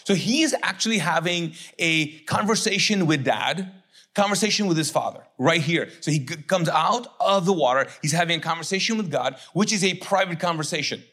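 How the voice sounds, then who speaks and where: A middle-aged man preaching a sermon as pastor, conversational and joking, acting out quick voices of others. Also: fairly high pitch, animated, bright, forceful tone.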